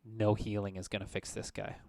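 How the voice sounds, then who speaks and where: Low-voiced man narrating as game master. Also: flat delivery, creaky, mellow. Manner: loose, filler-heavy narration with quick voiced asides.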